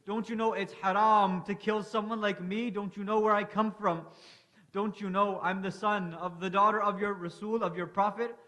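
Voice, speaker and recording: A man's voice: high voice, fairly even intonation, moderate pace, bright, forceful tone. A man voicing a noble, grieving warrior in a mournful religious retelling. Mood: solemn.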